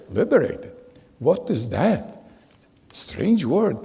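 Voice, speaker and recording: Older man with a husky, gravelly voice. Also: fairly high pitch, big pitch swings, a little slow, mellow. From Germany. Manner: storytelling, acts out quoted voices. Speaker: Holocaust survivor speaker. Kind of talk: personal testimony talk. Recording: hall with long reverb.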